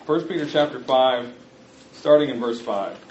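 A man's voice: mid-range voice, normal speed, a little mellow, slight background noise. A man preaching a sermon, talking conversationally and speaking directly to his congregation. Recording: roomy, slightly muffled recording.

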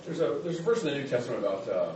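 A man's voice: mid-range voice, expressive, racing, a crowd in the background. A man in a Bible class offering a hesitant, tentative comment in a group discussion. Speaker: class participant.

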